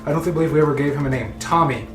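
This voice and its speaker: A man's voice: fairly high pitch, racing, reverberant, over music. A man running a tabletop game as game master, narrating loosely with frequent laughs. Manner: loose, laughing, voices characters in bursts.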